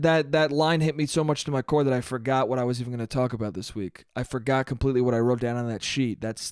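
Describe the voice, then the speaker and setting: A man's voice: mid-range voice, smooth, no room sound, studio quality. A young man hosting a solo comedy podcast, profane and rambling, often cutting himself off mid-sentence. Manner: profane, rambling, self-interrupting. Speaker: podcast host.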